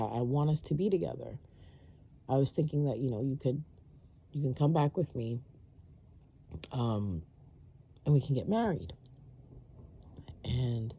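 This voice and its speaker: Low, gravelly woman telling a story. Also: mellow. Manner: rambling, many fillers and restarts. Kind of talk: personal storytelling.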